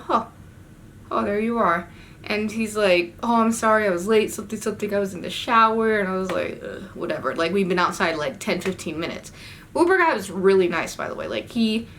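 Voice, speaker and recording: A young woman telling a story in a casual storytime vlog, animated and slangy, with sudden swearing outbursts. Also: medium pitch, a little hiss or hum. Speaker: vlogger.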